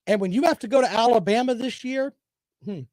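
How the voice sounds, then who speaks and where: A man's voice: very high-pitched, a little fast, darkish tone, no echo, studio quality. A man hosting a sports talk show, delivering opinionated, sarcastic commentary in a combative, rambling way.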